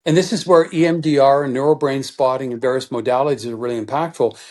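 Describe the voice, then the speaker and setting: A middle-aged man as a guest expert in an interview, explaining in an animated teaching manner and acting out quoted thoughts. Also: mid-range voice, fast.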